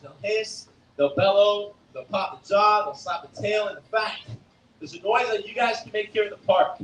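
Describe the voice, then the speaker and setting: Young male gator-show presenter, high tenor, cracking jokes at a crowd; distant echoey outdoor capture. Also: slight background noise. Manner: joking, quizzing and teasing the audience. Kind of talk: live animal show talk to a crowd. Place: outdoor alligator show arena at a theme park.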